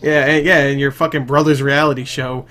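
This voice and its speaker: A man's voice: mid-range voice, flat delivery, a little fast, pushed and bright. A young man hosting a casual gaming podcast, talking loosely with lots of swearing and laughter, often trailing off. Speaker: podcast host.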